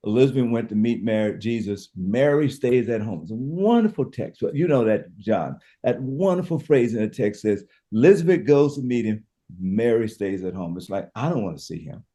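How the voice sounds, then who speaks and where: A male pastor retells a Bible story with the fervor of a preacher, stacking repeated words as his point builds. His voice swoops up and down with feeling, and its tone stays warm and mellow. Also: mid-range voice, animated, moderate pace, few pauses. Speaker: pastor, guest. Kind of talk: impassioned preacher-style storytelling.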